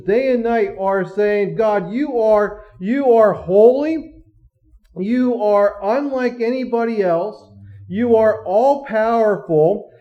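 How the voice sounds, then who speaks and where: A man's voice: fairly high pitch, muffled recording. A man teaching a Bible study in a conversational way, restarting phrases often and asking rhetorical questions.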